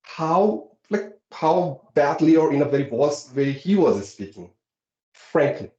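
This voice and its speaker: A young Indian man with an Indian English accent, hosting a casual discussion, talking earnestly with lots of fillers. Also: unhurried. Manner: earnest, lively pitch swings, many fillers. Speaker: host. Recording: echoey, dull lo-fi room sound.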